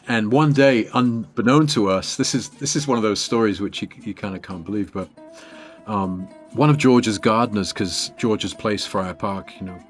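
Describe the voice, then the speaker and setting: An English man in his fifties, a guest guitarist telling stories in an interview in a chatty, animated way, full of "you know" and "like". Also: on the low side. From England. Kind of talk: casual storytelling in an interview.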